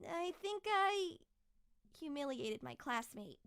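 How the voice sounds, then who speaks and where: A woman voicing a very high, bright, clumsy schoolgirl. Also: big pitch swings, slow, no room sound, full character voice. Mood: chatty. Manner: bubbly and dramatic. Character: clumsy, excitable schoolgirl heroine. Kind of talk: reading an otome game aloud.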